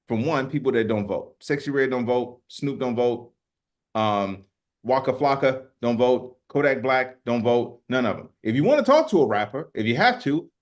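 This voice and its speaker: A man co-hosting a podcast, delivering heated, profane political commentary and repeating words as he gets worked up. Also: medium pitch. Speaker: podcast co-host.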